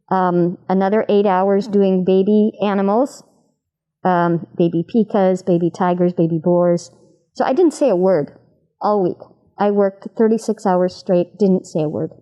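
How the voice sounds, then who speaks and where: Mellow-voiced woman voice actor. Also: mid-range voice. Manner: animated, demonstrates voices while explaining. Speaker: voice actor being interviewed. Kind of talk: convention interview chat.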